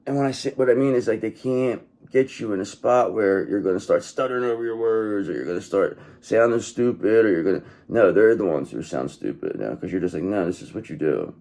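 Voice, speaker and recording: Brief: a low, gravelly man reading tarot, blunt and sweary, with lots of up and down in his voice. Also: lively intonation, a little fast, hardly any pauses, a little mellow. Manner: blunt, profane and repetitive, often says okay. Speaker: tarot reader. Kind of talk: casual tarot reading monologue.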